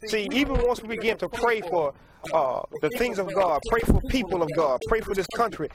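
A man's voice: sits high, expressive, fairly quick, a crowd in the background. A male preacher delivering a sermon in a folksy, repetitive way, often stopping to correct himself and laughing at his own stories. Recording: congregation heard behind.

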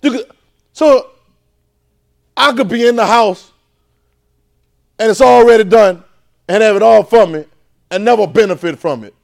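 A man preaching a sermon to a class at a church training center, animated and repetitive, firing rhetorical questions. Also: high-pitched, unhurried, vocal fry, long pauses.

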